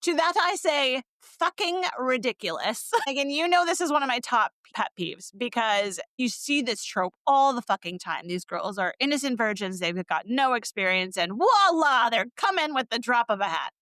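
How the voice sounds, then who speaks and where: This woman talks on a podcast with a high, lively voice that swoops up and down. She is sarcastic, swears freely and laughs a lot as she chats. The sound is dry and close to the mic. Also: moderate pace, hardly any pauses, dry recording. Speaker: podcast co-host. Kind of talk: casual book-review chat.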